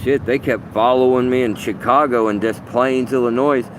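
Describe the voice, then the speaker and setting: A man livestreaming outdoors in a rambling, profane, animated monologue. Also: medium pitch, normal speed, low-quality recording. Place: outdoors under open sky. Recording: wind noise on the mic.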